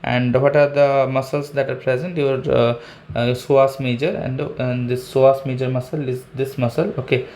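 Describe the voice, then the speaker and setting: A man's voice: medium pitch, level tone, moderate pace, darkish tone, a little hiss or hum. A man with an Indian English accent giving an online anatomy lecture, explaining step by step, saying "okay" often and pointing at a diagram. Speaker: anatomy teacher.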